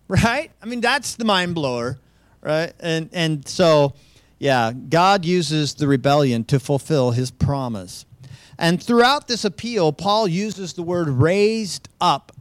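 A pastor teaching a Bible study in an informal, conversational way, often checking in with listeners and restarting phrases. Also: male voice, high voice, dry recording. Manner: chuckles lightly, restarts phrases. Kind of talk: conversational sermon with slides.

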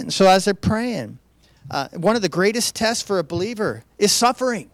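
A pastor from the United States gives a conversational, earnest sermon in a high male voice with big pitch swings at normal speed. Rhetorical questions to the congregation come again and again amid stumbling restarts, and the sound is dry, nearly echo-free.

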